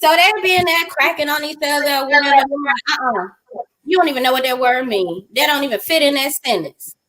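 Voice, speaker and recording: A middle-aged woman with a high voice recounts a personal ordeal as an interview guest. She tells it with lively energy and slips into the voices of the people in her story. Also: fairly quick, rough recording. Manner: acts out quoted dialogue in lively voices. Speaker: interview guest sharing a testimony.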